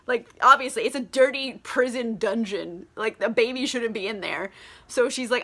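A woman's voice: on the high side, a little fast, fairly bright tone. A tipsy young woman vlogging a casual, profane book summary, giggly and gushing, saying "like" all the time. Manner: giggly, crude, gushing, heavy on "like".

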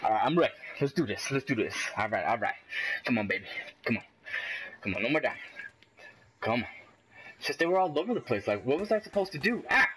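A man giving casual gameplay commentary, excitable and trash-talking, yelling at enemies and cheering himself on. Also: mid-range voice, fast, pauses often, slight background noise. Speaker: gaming commentator.

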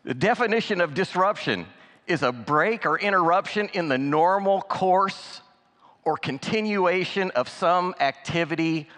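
A man giving a sermon as a guest speaker, telling a story and acting out the dialogue in an animated way. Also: sits high, measured pace. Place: church sanctuary. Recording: long church hall reverb.

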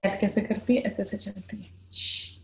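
Fast-talking mother heard from afar. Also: mid-range voice, steady tone, gravelly, slight background noise. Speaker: parent on the call. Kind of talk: aside to a child.

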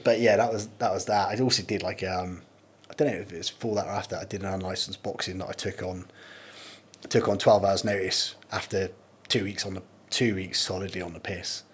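Brief: bloke, low husky voice, casual swearing storyteller on a podcast. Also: male voice, fairly even intonation, fairly quick. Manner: laid-back, swears freely, laughs through anecdotes. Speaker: podcast guest.

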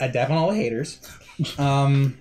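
A man at a tabletop game session who reads out his character's traits haltingly, full of ums and chuckles. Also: mid-range voice, a loud crowd. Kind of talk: casual chat, reading character traits.

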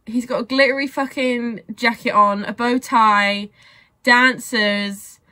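A young woman giving casual reaction commentary on a music video, gushing and excitable and swearing freely. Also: fairly high pitch, slow.

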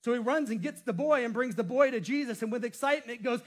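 High-pitched male pastor, playful and jokey from the pulpit. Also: fast talker, few pauses. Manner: playful, jokes and laughs at himself. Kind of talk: sermon.

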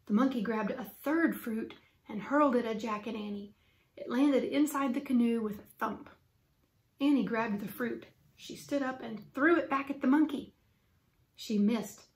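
A woman teacher reading a children's book aloud with lively, expressive storytelling. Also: a little high, normal speed. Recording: roomy echo.

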